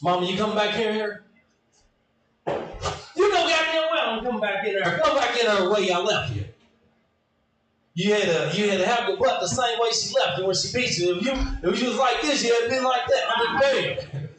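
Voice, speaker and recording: Stand-up comedian with a high, shouty, animated delivery, echoey club sound from off mic. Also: male voice, moderate pace, recorded from a distance, a little hiss or hum. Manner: animated, shouting, leaps between high put-on voices. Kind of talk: stand-up set.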